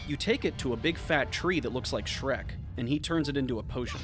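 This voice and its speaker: A young man streaming a game, talking casually with sarcastic, excitable reactions. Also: medium pitch, brisk, few pauses, over music. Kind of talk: casual live-stream commentary.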